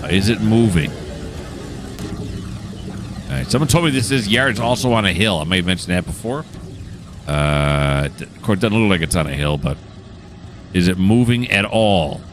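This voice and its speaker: A man hosting a train simulator game, chatting casually and enthusiastically with many pauses and filler sounds. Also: low voice, expressive, background noise. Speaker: train simulator gameplay host. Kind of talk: casual gameplay commentary.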